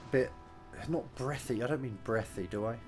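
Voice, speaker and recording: A man's voice: medium pitch, moderate pace. A British man rambles through casual gameplay commentary, full of opinions and side remarks. His voice sits in a mid register, and faint game music plays underneath. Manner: chatty, opinionated, rambling asides. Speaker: streamer.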